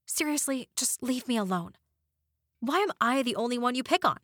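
A woman voicing a young sister who snaps back at her brother in sharp, exasperated retorts. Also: on the high side, expressive, moderate pace, no echo, studio quality, pitched above the performer's own voice. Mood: fed up.

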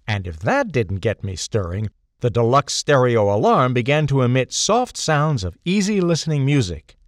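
An older man reading a comic first-person story in a playful, animated storytelling manner. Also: mid-range voice, no room sound, studio quality.

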